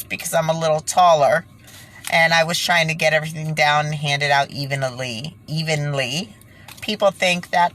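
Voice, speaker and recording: Woman, low voice, exasperated commentary, stumbles over read-aloud text, foggy from illness. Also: normal speed, fairly bright tone. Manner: exasperated, stumbles and restarts when reading. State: foggy from being sick. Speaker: online commentator. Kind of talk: ranting commentary, reading aloud.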